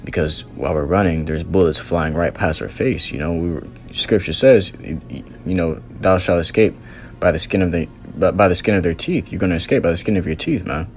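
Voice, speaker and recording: A man's voice: sits low, brisk, soft background music. A man earnestly recounting a religious vision as a testimony, in loose storytelling with many fillers.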